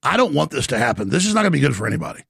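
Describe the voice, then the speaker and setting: A man hosts a call-in radio show in a raspy, deeply gravelly voice. His pitch swings widely and his delivery is emphatic. The sound is dry and close. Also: rapid-fire, no room sound. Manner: animated, forceful, emphatic. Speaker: talk radio host.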